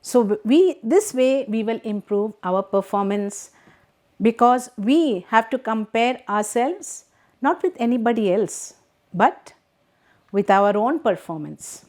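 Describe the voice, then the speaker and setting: A woman's voice: fairly high pitch, expressive, takes it slowly, a little mellow. A middle-aged woman with an Indian English accent, teaching a class by reading a text and explaining it patiently, asking rhetorical questions.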